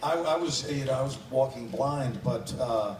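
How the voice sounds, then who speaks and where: A man's voice: medium pitch, moderate pace. A man speaking as a guest actor on a convention panel, joking playfully with the audience. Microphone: phone recording from the audience. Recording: echoey room, distant phone mic, noisy.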